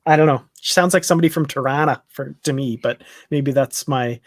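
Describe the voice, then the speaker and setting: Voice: medium pitch, a little fast, no echo, clean studio sound. A panelist on a live discussion show, easygoing and agreeable, laughing often.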